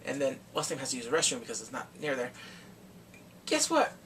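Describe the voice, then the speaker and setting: A man recapping a TV drama in casual talk, acting out the characters' lines in quick animated bursts. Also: medium pitch, far from the mic, a little hiss or hum. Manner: animated, acts out quotes from the show in quick bursts. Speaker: drama reviewer.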